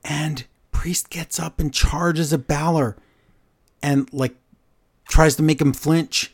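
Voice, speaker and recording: A man co-hosting a podcast, recapping matches in casual, animated storytelling and putting on voices for the lines he quotes. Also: mid-range voice, unhurried. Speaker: podcast co-host.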